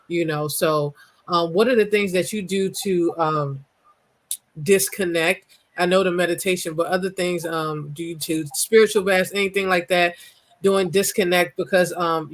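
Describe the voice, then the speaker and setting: A woman's voice: on the low side, low-quality recording. A woman hosting a podcast, asking long, searching questions in a casual interview with many fillers. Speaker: podcast host.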